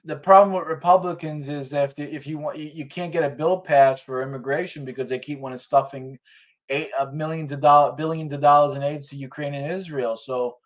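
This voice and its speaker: Higher-voiced man ranting heatedly. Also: fairly even intonation, a little fast. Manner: heated rambling rant with restarts and swearing. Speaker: guest. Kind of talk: casual political chat.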